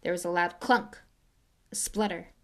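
A woman's voice: fairly low pitch, normal speed. A woman narrating a storybook aloud, dramatic, dropping to a whisper at tense moments. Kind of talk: audiobook reading.

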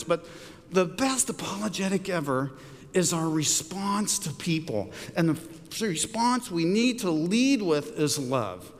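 A middle-aged male pastor preaching in a church sanctuary, his voice sitting high for a man. He tells stories in an animated way and climbs up sharply whenever he quotes someone. The sound carries a long, ringing reverb from the hall. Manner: animated storyteller, rises high for quoted lines. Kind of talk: sermon with storytelling.

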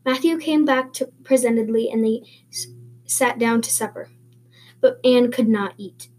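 A woman's voice: on the high side, normal speed, darkish tone. A woman reading a novel aloud, stumbling and restarting often. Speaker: reader.

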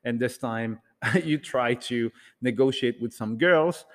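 A man in the middle of a casual storytelling talk, rambling and animated as he acts out what people said. His voice sits at an ordinary male pitch, and a long hall reverb trails behind each phrase. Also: slow pace. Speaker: speaker addressing an audience.

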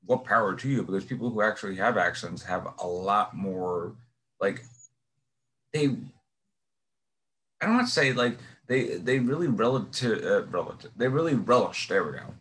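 A man's voice: on the low side, lively intonation, normal speed, a bit bright. A man with a Brooklyn accent talking casually, rambling and searching for words with lots of fillers. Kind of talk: casual chat.

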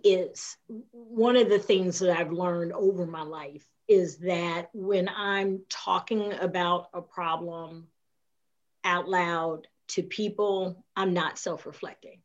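A woman guest on a podcast, speaking calmly and thoughtfully in casual conversation. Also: fairly low pitch, slow pace, muffled recording.

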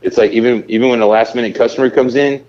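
A man's voice: mid-range voice, fairly even intonation, racing, darkish tone. A man in casual podcast chat, telling a story loosely with lots of swearing and laughter. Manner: profane, storytelling, laughs often. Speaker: podcast host. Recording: lo-fi with faint noise.

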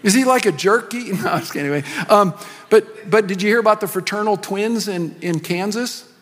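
Speaking quickly in a high, fairly bright voice, a middle-aged man preaches as pastor in a big church hall. His sermon is relaxed and humorous, wandering into many asides, while long reverb trails through the hall.

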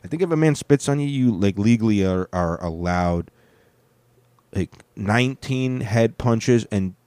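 A man's voice: lowish voice, expressive, measured pace, mellow, clear, resonant tone, no echo. A man giving casual, profane commentary while reacting to online videos, blunt and swinging from somber to worked up.

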